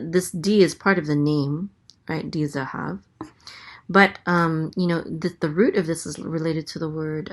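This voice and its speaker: A low-voiced woman teaches Hebrew slowly and casually, spelling out letters. She sounds hesitant, with many ums and slow, careful sounding-out.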